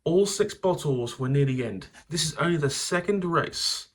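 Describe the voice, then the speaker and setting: A man's voice: fairly high pitch, lively intonation, normal speed. Rambling man telling stories. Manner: rambling storyteller, swears, laughs at own stories. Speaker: channel host. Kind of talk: casual anecdotal vlog.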